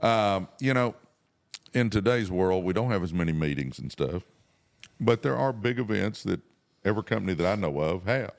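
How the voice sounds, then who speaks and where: A man with a very deep voice that has a gravelly fry talks in a casual conversation. He gives emphatic, earnest advice and hedges as he goes, and the sound is dry and close. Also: lively intonation, normal speed, no room sound. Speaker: network marketing leader, co-host.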